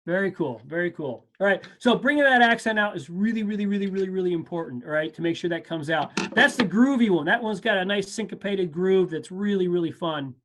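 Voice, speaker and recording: A man's voice: high voice, animated, brisk, few pauses, a bit bright. A man teaching an advanced percussion class over a video call, casual and encouraging, often stopping to correct himself. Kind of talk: online music lesson. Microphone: video call mic.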